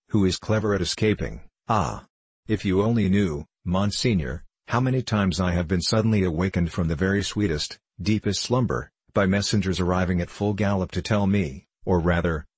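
A man's voice: deep voice, slightly rough, dry recording. A man voicing a self-satisfied, grumbling middle-aged prison governor in an audiobook, long-winded and complaining. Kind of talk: audiobook dialogue reading.

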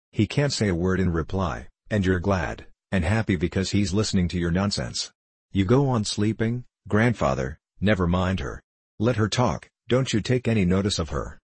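A man's voice: deep voice, darkish tone, husky, dry recording. A man voicing a boastful, chatty young ex-hotel attendant who plays the concertina.

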